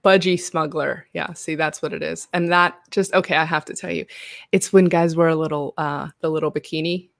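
An American woman hosting a casual live chat show, talking chattily with frequent laughs and animated asides. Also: low voice, brisk, gravelly, no echo, studio quality. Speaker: host.

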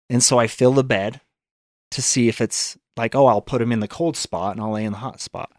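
A man's voice: medium pitch, quick pace, a little mellow, dry recording, clean studio sound. A man telling a personal story as a podcast guest, earnest, acting out his own thoughts in quotes.

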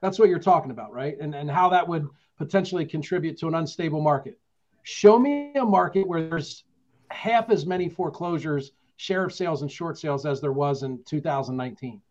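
Combative man, fairly high voice. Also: fairly quick, dull audio. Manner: animated, combative. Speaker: real estate investor panelist. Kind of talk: panel debate.

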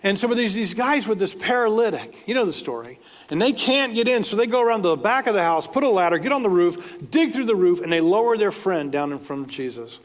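High-voiced man preaching in an echoing hall. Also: lively intonation, brisk. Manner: conversational, retells scripture stories with asides. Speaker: pastor. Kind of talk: sermon. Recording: long hall reverb.

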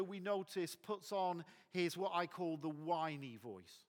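A man's voice: high-pitched, expressive, measured pace, big-room sound. A man preaching a sermon as pastor, emphatic and repetitive.

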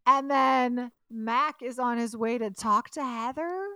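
A woman co-hosting a casual recap podcast, retelling scenes in an animated way and acting out the lines. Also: fairly high pitch, takes it slowly, smooth, dry recording. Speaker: podcast co-host.

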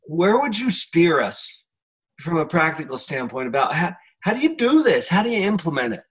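A man hosting a podcast conversation, speaking in a slow, reflective coaching manner. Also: fairly high pitch, very animated, husky. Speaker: podcast host. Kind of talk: conversational interview.

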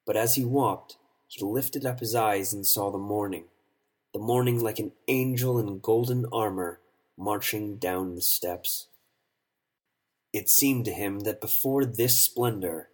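A man narrating an audiobook story in a measured, solemn way. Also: on the low side, darkish tone, slightly rough.

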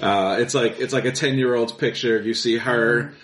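A man narrating a tabletop game as game master, relaxed and halting, with many fillers. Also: medium pitch, roomy sound, a little hiss or hum.

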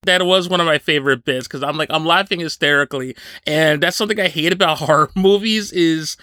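A man hosting a casual interview, chatty and quick to laugh, with lots of fillers. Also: on the high side, sharp tone, dry recording. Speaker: podcast host.

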